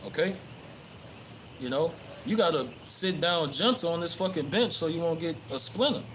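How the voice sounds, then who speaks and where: Guy street-preaching in a park, swears a lot, lots of um and uh, kinda high voice, outdoor noise behind him. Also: expressive, normal speed, a bit bright, poor audio. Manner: profane, rambling with many fillers and restarts. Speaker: religious livestreamer. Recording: clear outdoor background noise.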